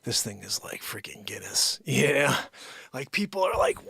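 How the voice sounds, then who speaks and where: A man hosting his own daily live stream from home, rambling and joking, jumping from loud bits to whispered asides. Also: medium pitch, very animated, a little slow, creaky, breathy edge, no echo. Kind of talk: unscripted comedic live-stream chat.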